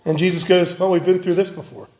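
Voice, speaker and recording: Guy with a high voice giving a chatty sermon, plays out the quotes. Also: fairly even intonation, fast, mellow. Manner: conversational, acts out quoted voices. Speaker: pastor.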